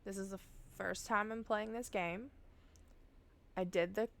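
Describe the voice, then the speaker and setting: A woman's voice: medium pitch, steady tone, unhurried, creaky, fairly bright tone. A woman live streaming from home, chatting casually and swearing freely as she talks straight to her viewers while setting up a game.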